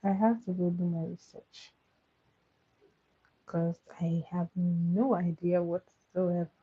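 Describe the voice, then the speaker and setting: A woman's voice: lowish voice, steady tone, slow pace, breathy edge. A woman hosting a casual live stream, chatty and laughing often as she answers viewers' comments. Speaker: livestream host. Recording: tinny phone-like audio.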